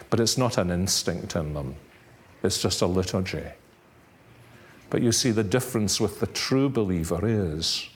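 A man preaching a sermon in a measured, earnest way, now and then rising to sudden emphatic stress. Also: fairly low pitch.

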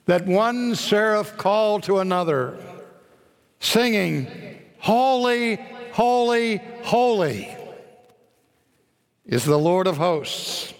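A man preaching a sermon, deliberate and emphatic, rising to shouts on key words. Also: medium pitch. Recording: long reverb of a large hall.

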